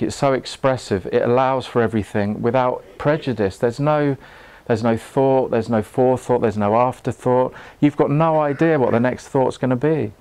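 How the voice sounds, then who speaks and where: A man in his forties speaks to a seated group in a room. He talks in an earnest, halting way, stumbling over restarts and breaking into laughter, with a voice of ordinary middle pitch for a man. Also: a little mellow, smooth. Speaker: meditation teacher. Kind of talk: live talk to a group. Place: room with an audience.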